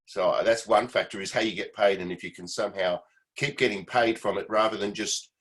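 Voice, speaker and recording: A man's voice: fairly low pitch, fairly even intonation, brisk, a bit bright, rough recording. A man on a video call, giving rambling advice as a meeting participant. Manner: rambling, advisory. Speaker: meeting participant, former session musician. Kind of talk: casual video-call chat.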